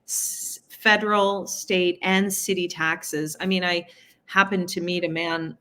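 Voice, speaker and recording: A woman's voice: lowish voice, steady tone, sharp tone. A woman from New York City, a city council candidate, talking casually in an interview with frequent asides and laughs. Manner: chatty, quick asides, laughs at her own points.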